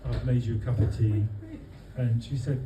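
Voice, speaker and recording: A man from London giving a humorous birthday speech for his wife to friends at a restaurant, with dry comic timing and many pauses. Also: mid-range voice, background noise. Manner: deadpan comic timing, halting with fillers. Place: restaurant dining room with guests. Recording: echoey room, voice from far off. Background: guests laughing.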